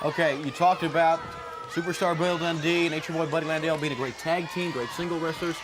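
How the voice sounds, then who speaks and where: A man hosting a wrestling TV show, interviewing guests and introducing segments in a smooth, even announcer delivery. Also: fairly high pitch, fairly quick, crowd noise, noisy background. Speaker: wrestling TV host. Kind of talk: broadcast interview and commentary.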